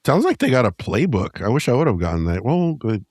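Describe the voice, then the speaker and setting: Joking guy running the podcast, lowish voice, bounces around a lot, dry mic. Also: quick pace, dry recording. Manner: lively, joking, loose. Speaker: podcast host. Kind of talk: casual podcast chat.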